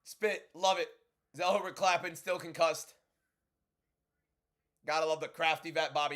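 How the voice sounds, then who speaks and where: A young man from the UK hosts a live fight watchalong stream, chatting casually into a desk mic. His voice sits a little high for a man, and he reacts excitedly, talking straight to his viewers. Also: normal speed, long pauses. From United Kingdom. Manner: excitable, laughing hard, talking to chat.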